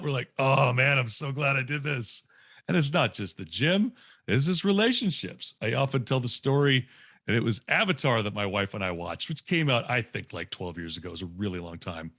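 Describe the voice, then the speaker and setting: Man, late forties, self-mocking anecdote, mid pitch, dry sound. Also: a bit bright, dry recording. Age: 40s. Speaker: guest speaker. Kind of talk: storytelling talk to a group.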